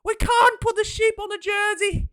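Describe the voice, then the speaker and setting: A man doing a gushing falsetto rugby official. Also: steady tone, moderate pace, a bit bright. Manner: falsetto, gushing, says mate a lot. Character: gushing excitable male rugby board official. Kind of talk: comic impression in a vlog rant.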